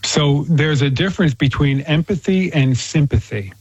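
A man's voice: a little high, moderate pace, slightly rough, no room sound. Man, earnest, storytelling, casual talk, muffled lo-fi recording, dry. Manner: earnest, storytelling, faith-based. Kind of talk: casual conversation. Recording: dull, muffled sound.

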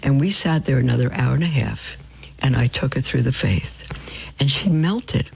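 A woman telling religious stories on the radio in an animated way, acting out what people said and dropping to a whisper for emphasis. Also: extremely low pitch, normal speed, creaky, slightly rough, low-quality recording. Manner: animated storyteller who acts out quotes and drops to a whisper for emphasis. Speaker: radio guest asking for donations. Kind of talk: religious storytelling testimony.

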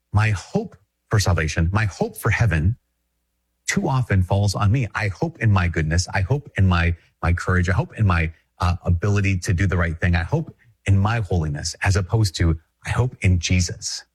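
A Catholic priest from Minnesota giving a conversational, emphatic reflection, repeating phrases and chuckling often. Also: male voice, low-pitched, animated, normal speed, husky. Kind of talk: spoken reflection to an audience.

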